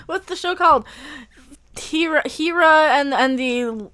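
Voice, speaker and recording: A woman hosting a casual live reaction stream, sarcastic, laughing often and bursting into loud exclamations. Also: high-pitched, takes it slowly. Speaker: livestream host reacting to a trailer.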